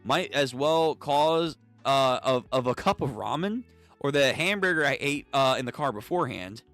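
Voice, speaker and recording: Animated young man reading a comic aloud. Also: mid-range voice, normal speed, soft background music. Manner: animated, swears casually, jumps between characters' voices. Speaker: streamer reading manga. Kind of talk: live comic read-through, reading all the parts.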